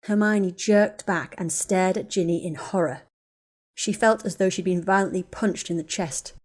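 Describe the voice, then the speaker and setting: A woman narrating a story in an even, measured reading voice. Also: lowish voice.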